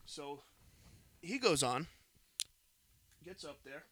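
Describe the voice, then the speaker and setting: A man's voice: on the high side, takes it slowly. A man casually telling a heated, profane story on a podcast, close to the mic. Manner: animated, profane, heated retelling.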